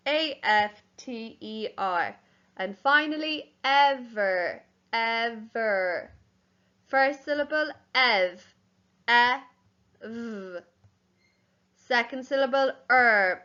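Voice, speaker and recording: A woman primary school teacher giving a home learning lesson, spelling words out slowly letter by letter. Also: a little high, bright, forceful tone, clear, resonant tone, lo-fi sound.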